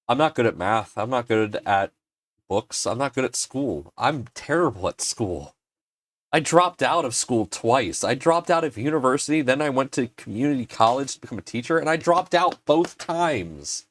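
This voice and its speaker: A man hosting a casual livestream from his home workshop, earnest and emotional, often restarting his sentences. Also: mid-range voice. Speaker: livestream host and maker.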